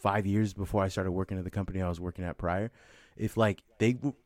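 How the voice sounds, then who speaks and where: A man's voice: low-pitched, fairly even intonation, fast talker, a little mellow, no echo. A young man telling a rambling, profane story in casual chat, full of "like" and swearing. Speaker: podcast co-host telling a story.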